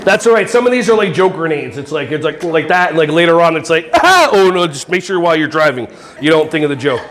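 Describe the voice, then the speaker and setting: A man's voice: a little high, fast, fairly bright tone. A man giving a playful workshop talk to a live audience, joking and quizzing the crowd. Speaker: conference presenter.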